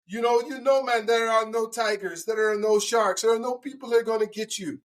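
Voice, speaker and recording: A man doing an easygoing male hotel clerk on an island, pitched up high and calm. He soothes an angry guest in a relaxed, unhurried way, lifted well above the speaker's usual voice. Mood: soothing. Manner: calming, easygoing.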